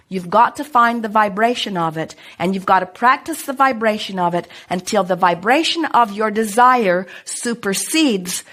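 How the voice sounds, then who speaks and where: Brief: middle-aged woman, measured spiritual teacher, calm and emphatic, mid-pitched voice. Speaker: inspirational speaker answering audience questions. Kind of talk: channeled spiritual teaching talk.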